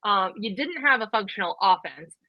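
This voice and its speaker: A woman in her thirties chats casually about college football as a podcast co-host, quick and full of "um" and "like". Her voice sits at a middle pitch. The sound is dry and a little dull, as if recorded close in a small space. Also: animated, dry recording. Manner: quick, chatty, many fillers. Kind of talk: casual sports chat.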